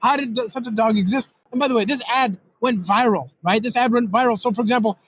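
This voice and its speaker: A man guest giving a casual technical demo, excitable and rambling with lots of fillers. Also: very high-pitched, quick pace, a little hiss or hum, rough recording. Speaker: guest developer demonstrating software. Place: recorded in Europe.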